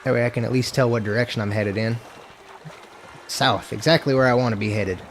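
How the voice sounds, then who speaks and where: A man streaming a western game, talking to his viewers in loose, casual chatter full of swearing and self-mockery. His voice sits at a middle pitch, with faint background noise underneath. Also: fairly even intonation, fairly quick. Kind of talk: casual gameplay commentary.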